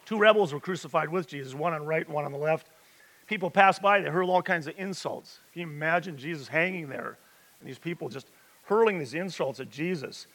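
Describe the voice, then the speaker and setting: A man's voice: on the high side, vocal fry, a bit bright. A man preaching a sermon, retelling scripture in a conversational storytelling way with emphatic rises. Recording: reverberant hall.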